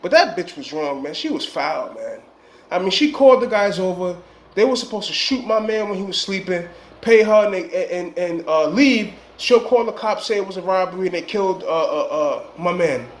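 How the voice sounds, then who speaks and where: A man's voice: high voice, lively intonation, normal speed. A man telling a long dream story in casual, rambling street slang with emphatic warnings. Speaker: vlogger. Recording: echoey room.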